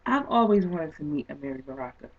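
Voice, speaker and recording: A woman author telling a story in an interview, excited and animated, acting out what people said. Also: sits low, fast. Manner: excited, animated retelling with quoted speech. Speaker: guest author and poet. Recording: distant, tinny phone-like sound.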